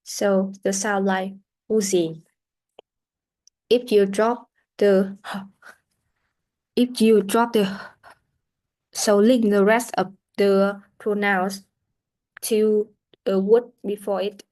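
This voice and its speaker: A woman teaching English pronunciation in a classroom lesson, explaining deliberately and often restarting her sentences. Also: medium pitch, little pitch movement, darkish tone.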